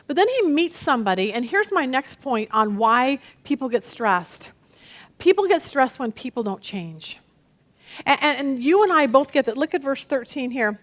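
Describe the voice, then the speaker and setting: Woman Bible study teacher with a high voice. Animated, acts out the quotes. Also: normal speed. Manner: animated teaching with dramatic read-aloud voices.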